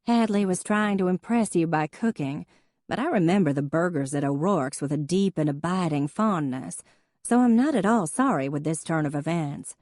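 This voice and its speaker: A woman's voice: fairly low pitch, moderate pace, a little mellow, dry recording, clean studio sound, natural voice. A woman doing a drawling, wisecracking kid sister. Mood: joking drawl. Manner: put-on drawling good old boy accent.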